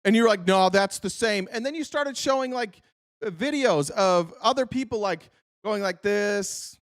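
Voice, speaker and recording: Male commentary host, fairly high pitch, blunt and profane, dry close recording. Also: moderate pace, no echo. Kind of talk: casual political commentary.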